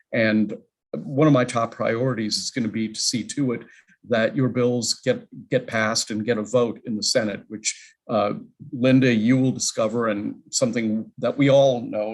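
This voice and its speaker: A man chairs a committee hearing with loose, rambling remarks. He often stops to correct himself. His voice sits at a middling pitch and comes through a video call. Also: rough recording. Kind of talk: opening remarks at a legislative hearing.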